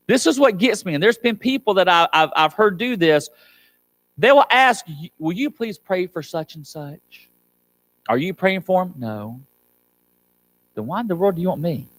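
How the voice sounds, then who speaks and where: A man preaching a sermon as pastor, emphatic, swinging between loud cries and soft asides. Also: high voice, no room sound. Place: church sanctuary.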